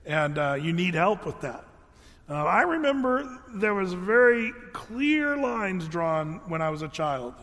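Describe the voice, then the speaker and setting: A man's voice: high voice, big pitch swings, unhurried, a bit bright. A man preaching a sermon in an earnest, conversational way, often restarting his phrases. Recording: long hall reverb.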